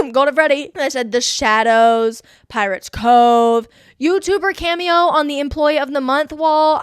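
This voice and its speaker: Excitable young woman gushing over a movie. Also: a little high, dry recording, clean studio sound. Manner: excitable, gushing, laughs often. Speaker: podcast host. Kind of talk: casual movie review reading her notes.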